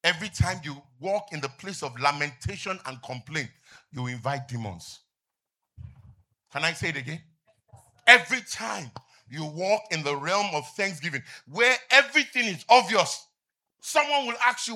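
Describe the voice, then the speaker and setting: A middle-aged man preaching a sermon as pastor, asking the congregation to finish his lines and rising to shouts. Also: a little high, expressive, normal speed. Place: church with outdoor canopy seating.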